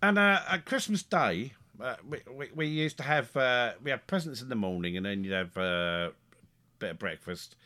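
A man telling a funny family story in a casual podcast chat, animated and chuckling, stumbling over his words as he gets excited. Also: medium pitch, normal speed. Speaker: podcast co-host.

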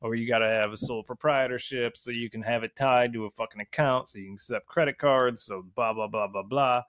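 A man's voice: mid-range voice, fairly even intonation, brisk, a bit bright, dry recording. A young adult man chatting casually as a podcast guest, rambling and swearing often in a laid-back way. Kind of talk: casual chat.

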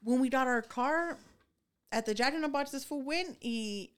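A woman's voice: high-pitched, moderate pace, slight background noise. Brash swearing Chicano woman. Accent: Chicano English. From Southern California. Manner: animated, swears a lot, switches between English and Spanish. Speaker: podcast host. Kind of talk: casual chat.

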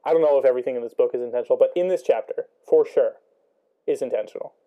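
A man's voice: mid-range voice, fast, lo-fi sound. A young man talking through a book chapter casually, thinking aloud with many ums and rhetorical questions. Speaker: student discussing a book.

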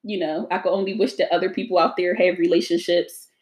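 A woman co-hosts a podcast in casual chat, brash and animated, swearing freely and breaking into loud laughs. Her voice sits somewhat low. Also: quick pace. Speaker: podcast co-host. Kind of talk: casual conversation.

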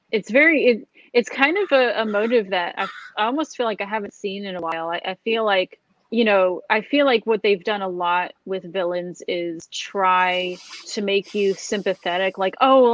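A woman's voice: mid-range voice, no room sound, dull audio. A woman co-hosting a film review podcast, talking casually with frequent fillers and laughs. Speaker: podcast co-host.

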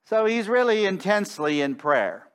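A middle-aged man preaching a sermon in a church, emphatic and slowing down to stress key phrases. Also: high-pitched, very animated, fairly bright tone, clean tone. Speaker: pastor. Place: church sanctuary.

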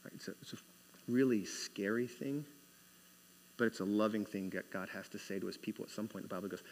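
A middle-aged male pastor preaching a sermon with animated delivery, acting out voices of people in the story. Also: on the low side, brisk. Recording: long hall reverb.

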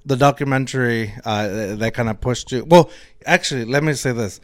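A man hosting a podcast who chats casually with his guest and speaks haltingly, with many fillers and restarts. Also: medium pitch, dry recording. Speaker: podcast host. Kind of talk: casual interview chat.

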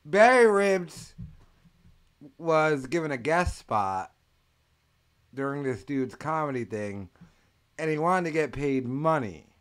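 Mid-pitched male host who recaps stories emphatically for the audience. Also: expressive, a little slow, fairly bright tone, clear, resonant tone. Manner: emphatic, explaining for listeners. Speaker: podcast host. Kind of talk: casual podcast chat.

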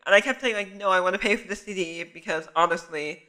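Speaking fast in a high-pitched voice, a young adult student photographer animatedly recounts a story to the camera, chatty and full of "like." The recording quality is low.

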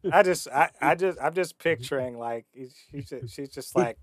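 A man co-hosting a casual chat, joking and excitable, swearing freely. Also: fairly high pitch, a little slow, slightly rough, no room sound, studio quality. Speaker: podcast co-host.

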